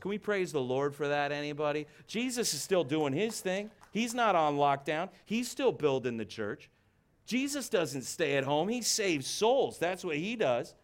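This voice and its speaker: A man preaching a sermon as a pastor, passionate and emphatic, often repeating words as he builds a point. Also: sits high. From United States.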